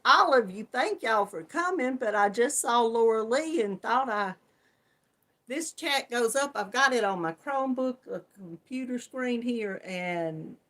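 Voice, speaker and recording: A woman's voice: fairly high pitch, a bit bright. A woman hosting a crafting channel, chatting casually on a live stream, laughing often and greeting viewers by name.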